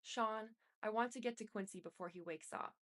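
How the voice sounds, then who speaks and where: A woman reading a memoir aloud in an even, unhurried way, with small restarts. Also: medium pitch. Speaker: reader.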